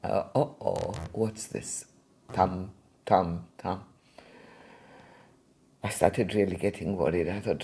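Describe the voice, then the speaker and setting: An older woman, an art collector and museum founder, telling anecdotes in an interview in an animated, vivid way. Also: very deep voice, takes it slowly, vocal fry, long pauses, slight background noise.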